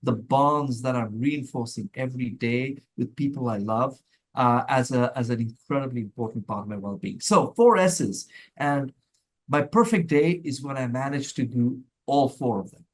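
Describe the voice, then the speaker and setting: Man from India, middle-aged, thoughtful, measured, restarting phrases. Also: mid-range voice. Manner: thoughtful, measured, with frequent restarts and light laughs. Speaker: guest, mental health professional. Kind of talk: conversational interview answers.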